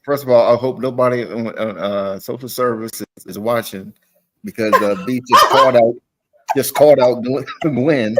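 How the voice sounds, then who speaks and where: A man judging a comedy game show, reacting quickly with a laugh. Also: medium pitch, a bit bright, rough recording. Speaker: judge.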